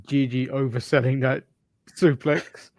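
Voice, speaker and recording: A man's voice: mid-range voice, level tone, measured pace, darkish tone, dry recording. A man hosting a live stream, giving offhand running commentary and laughing often as he chats. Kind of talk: casual wrestling watch-along chat.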